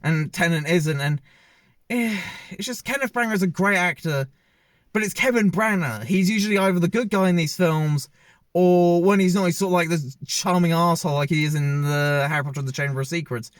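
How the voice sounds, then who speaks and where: A man's voice: on the high side, brisk, dry recording. Rambling man reviewing a film, dry sound. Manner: rambling, hesitant, many fillers and restarts. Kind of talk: casual spoken movie review.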